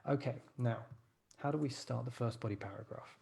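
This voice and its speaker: Gravelly-voiced man teaching a writing class. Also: medium pitch, brisk, warm tone. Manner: encouraging, thinks aloud while typing. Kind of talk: live online class.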